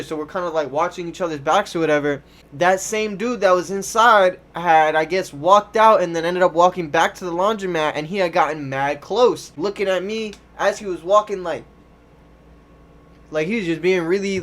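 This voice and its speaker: A man's voice: sits high, a bit bright. A young man telling a casual storytime, loose and slangy with lots of cursing and fillers. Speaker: vlogger.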